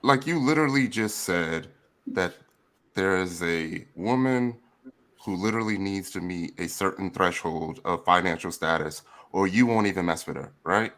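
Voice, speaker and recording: A man's voice: deep voice, moderate pace, fairly bright tone. A man on a review panel, challenging another panelist in a casual debate. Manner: challenging, pressing the other speaker.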